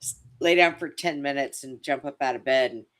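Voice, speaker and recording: A woman's voice: extremely low pitch, fairly quick. A middle-aged woman co-hosting a podcast in casual chat, chatty and teasing, laughing often. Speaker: podcast co-host.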